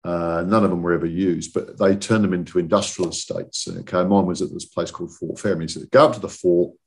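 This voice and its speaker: Older man in his sixties, low voice; casual guest spinning loose, anecdotal stories. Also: little pitch movement, brisk, creaky. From southern England. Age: 60s. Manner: rambling anecdotal storyteller, often checks in with "okay?". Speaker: guest, industry chief executive. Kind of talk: casual podcast chat.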